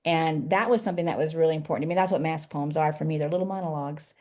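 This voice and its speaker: A woman who writes poetry for children, chatting lively in an interview over a video call. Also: deep voice, very fast. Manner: lively, chatty, laughs easily. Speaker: children's poet and author. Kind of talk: casual interview chat.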